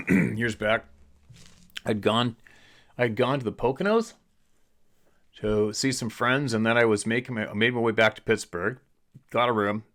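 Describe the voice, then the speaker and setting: A man's voice: on the low side, fairly bright tone. A man from British Columbia hosts the show in a blunt, opinionated, rambling monologue. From British Columbia, Canada. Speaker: host, hunting and fishing guide. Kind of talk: casual monologue, reading a viewer letter.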